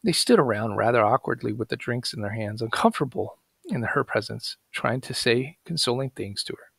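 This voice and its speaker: A man narrating a story in a plain, steady reading voice. His tone is gravelly and his pitch is middling, recorded close and dry. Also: fairly quick, dry recording. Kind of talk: read-aloud story narration.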